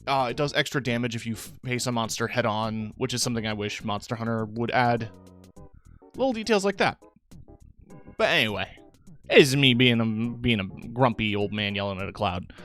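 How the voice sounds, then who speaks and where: A young man is streaming live and chatting loosely with his viewers, sounding tired and yawning as he rambles through plenty of filler words. His voice sits in the mid range and moves at a moderate pace. Faint music plays in the background.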